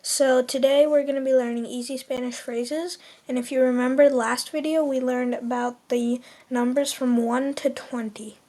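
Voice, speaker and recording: A young woman giving a casual video lesson, chatty and upbeat, slowing right down to repeat phrases. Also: high-pitched, fairly even intonation, dark tone. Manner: chatty and upbeat, with frequent restarts and slow spelled-out repetitions. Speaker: language learner teaching beginner phrases.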